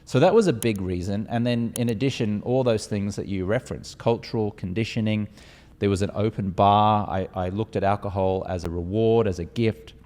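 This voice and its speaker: An Australian man telling his story as a guest in an interview, animated and acting out quotes. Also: lowish voice, moderate pace, long reverb tail. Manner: animated, acts out quotes with voices.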